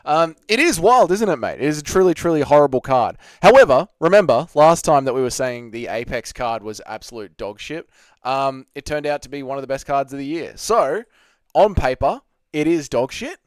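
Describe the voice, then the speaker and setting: A man's voice: on the high side, moderate pace, smooth, no room sound, studio quality. A man hosting a casual live stream, greeting viewers by name and swearing freely. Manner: lively, swearing, chatty with viewers. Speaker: streamer host.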